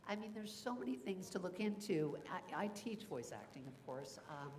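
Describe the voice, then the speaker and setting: A woman who teaches voice acting, speaking on a convention panel in an energetic, demonstrative way and laughing often. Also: on the low side, normal speed, slight background noise.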